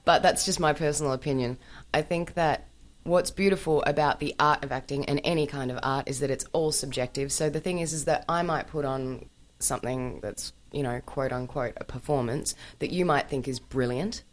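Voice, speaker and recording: A woman talking as a guest on a radio show, animated, opinionated and playful. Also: deep voice, moderate pace. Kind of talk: casual radio talk.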